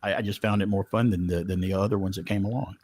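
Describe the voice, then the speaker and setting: A man's voice: low-pitched, steady tone, fast, darkish tone, slightly rough. A man co-hosting a casual retro film podcast, chatty and enthusiastic, often repeating himself. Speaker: podcast co-host. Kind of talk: casual chat.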